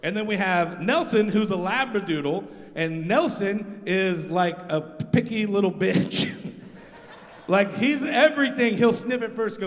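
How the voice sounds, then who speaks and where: A man's voice: sits high, a little slow. A man, a radio host, doing rambling, crowd-rousing stand-up comedy on a live stage. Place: live stage in a large venue. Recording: long reverb of live venue.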